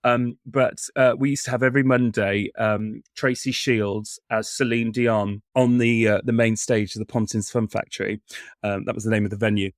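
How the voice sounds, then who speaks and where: A man's voice: on the low side, fairly even intonation, normal speed, no echo, studio quality. A man hosting a casual podcast chat, camp and playful, slipping into sung snatches and impressions. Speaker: podcast host.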